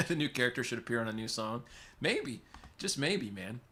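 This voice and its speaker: A man's voice: mid-range voice, sing-song, measured pace, sharp tone, a little hiss or hum. A man hosting a livestream, telling rambling stories to chat and getting sidetracked as he answers comments. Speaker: livestream host. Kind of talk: casual storytelling to chat.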